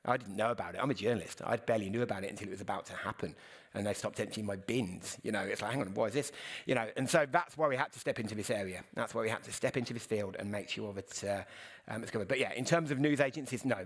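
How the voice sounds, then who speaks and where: On a conference panel, a middle-aged British man with a fairly low-pitched voice talks fast and earnestly. He often restarts his sentences, correcting himself mid-thought.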